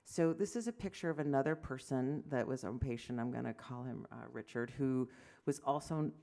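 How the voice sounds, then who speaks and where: Woman, 50s, physician lecturer, fry-edged voice, lively storyteller. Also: extremely low pitch, normal speed. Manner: animated storytelling, acts out dialogue, self-deprecating asides. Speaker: physician giving an award lecture. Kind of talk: lecture to medical audience.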